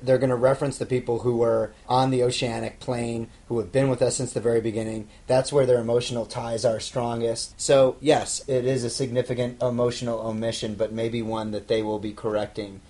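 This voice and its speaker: A middle-aged man co-hosting a casual podcast chat, brisk and playful. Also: mid-range voice, level tone, mellow. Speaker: podcast co-host, show writer.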